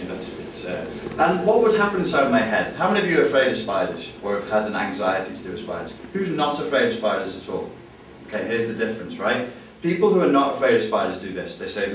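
Animated man in echoey hall. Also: medium pitch, fast, a little hiss or hum. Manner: animated, jokey, acts out voices and screams. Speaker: NLP trainer. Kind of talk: lively teaching with acted-out stories. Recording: very echoey room, distant mic.

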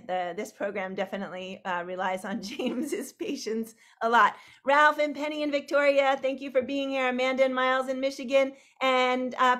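Woman host, high voice, bubbly, rambling, laughing, video call. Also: fairly bright tone. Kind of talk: greeting online viewers by name.

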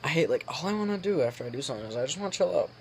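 A man's voice: a little high, lively intonation, very fast, slight background noise. Annoyed teen guy ranting to camera. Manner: irritated, swearing, rambling with many fillers. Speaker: vlogger. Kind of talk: casual ranting vlog.

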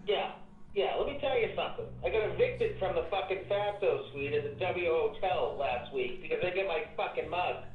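Crude prank caller from far off. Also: male voice, high voice, lively intonation, normal speed, reverberant, narrow, tinny audio, a little hiss or hum. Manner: crude, swearing, mocking. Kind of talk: prank phone call.

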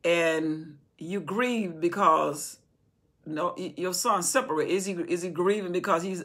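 A woman's voice: fairly low pitch, unhurried, fairly bright tone, husky. A woman teaching an informal Bible study indoors, talking conversationally with rhetorical questions and frequent restarts. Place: indoor room with candles.

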